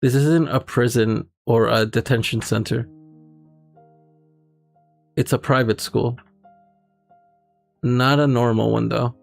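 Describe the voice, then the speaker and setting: Gravelly man reading a visual novel aloud. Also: medium pitch, fairly even intonation, slow pace, long pauses, no echo, soft background music. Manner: breaks off to check his stream settings. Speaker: streamer.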